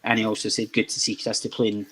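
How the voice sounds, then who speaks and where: A man's voice: fairly low pitch, monotone, fast talker, fairly bright tone, slightly rough. A young Scottish man hosting a casual football chat show, rambling and repeating words as he starts each thought. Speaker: podcast host.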